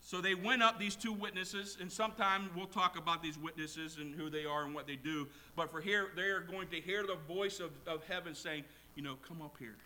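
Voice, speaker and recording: A male preacher delivers a sermon to a congregation. His voice sits high and rings very bright. He drops to near-murmured asides, then erupts into loud shouted lines. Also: level tone, normal speed, few pauses. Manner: swings from quiet asides to loud shouted quotes. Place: church with congregation.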